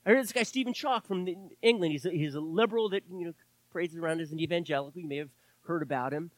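A male pastor preaching a sermon, impassioned, swinging from loud declarations to hushed asides and calling out to his congregation. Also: a little high, quick pace, no echo, rough recording.

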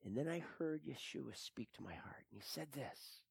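A man performing a dramatic first-person monologue, swinging between hushed whispers and anguished cries. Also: medium pitch, expressive, moderate pace, vocal fry, husky, no room sound. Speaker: storyteller.

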